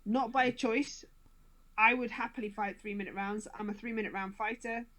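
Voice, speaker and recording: A woman's voice: on the high side, fairly even intonation, moderate pace, a bit bright. A woman in her thirties from Scotland who speaks with a standard British accent, chatting casually as a podcast guest and laughing often. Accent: southern English, standard British. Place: home, during lockdown.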